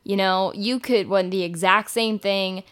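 A woman's voice: medium pitch, steady tone, a little slow, fairly bright tone. A young woman talking candidly on her solo podcast, casual and frank, swearing now and then. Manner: candid, swears casually, breaks into silly singing. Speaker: podcast host.

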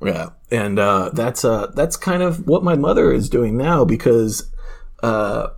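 A man's voice: mid-range voice, lively intonation, unhurried, gravelly, breathy edge. A man telling stories and arguing in a casual podcast chat, rambling with restarts and laughter.

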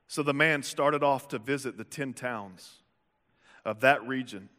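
A man's voice: mid-range voice, pushed and bright. A man preaching a sermon as a pastor in a church, telling stories animatedly and asking rhetorical questions. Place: church sanctuary. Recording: reverberant church hall.

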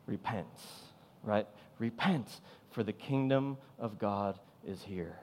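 A man's voice: fairly low pitch, measured pace, a little mellow. A man preaching a sermon as pastor, impassioned and emphatic, driving points home with repeated phrases. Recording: long hall reverb.

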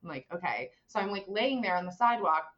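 Young woman, casual animated storyteller with lots of "like"s, slightly muffled recording. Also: on the low side, quick pace. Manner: animated, many fillers, acts out voices in quotes. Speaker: guest telling a personal story.

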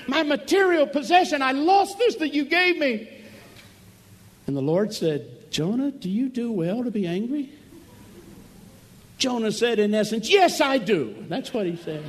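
A man preaching a camp meeting sermon, emphatic, swinging from loud cries to low murmurs, acting out quoted voices and calling for amens. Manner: acts out quoted voices, asks the crowd for amens. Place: large church or camp meeting hall.

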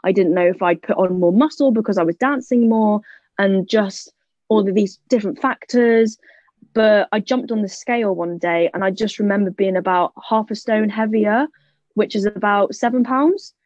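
A woman's voice: mid-range voice, darkish tone, no echo. A young woman, talking as an interview guest. She tells her story in a chatty, rambling way, with plenty of "like" and "literally". The recording is dry and a little dull. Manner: chatty storytelling, quick asides, many "like" and "literally" fillers. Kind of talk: casual interview chat.

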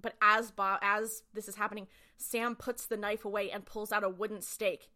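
A woman's voice: mid-range voice, little pitch movement, moderate pace, pushed and bright. A woman podcast co-host casually recapping a TV episode, chatty and full of "like" fillers.

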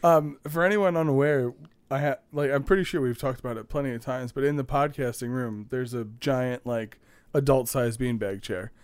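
A man's voice: mid-range voice, moderate pace, smooth, no echo. A man chatting casually as a podcast host, rambling and laughing often. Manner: giggly, rambling, frequent laughter.

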